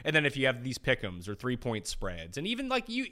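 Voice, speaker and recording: Brief: man, 30s, sports betting co-host, bright forward voice with lively swinging pitch, teasing and animated. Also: brisk. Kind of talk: casual sports betting chat.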